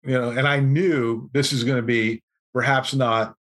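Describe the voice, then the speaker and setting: A man guest on a podcast, telling a story in a casual, animated way and acting out what people said. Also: medium pitch, moderate pace. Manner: animated anecdote-telling, acts out quotes. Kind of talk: conversational storytelling.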